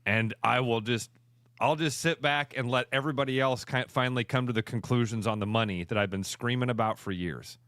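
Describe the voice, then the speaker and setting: Guy on sports radio ranting hard, mid pitch, dry studio mic. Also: a little fast, fairly bright tone, clear, resonant tone, no echo. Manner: emphatic, heated ranting. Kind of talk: sports talk radio debate.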